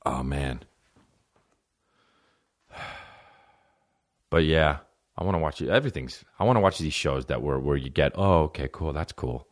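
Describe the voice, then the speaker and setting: A man hosting a comedy podcast, telling rambling stories in an animated, profane way and acting out other people's voices. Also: very deep voice, unhurried, pauses often. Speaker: podcast host.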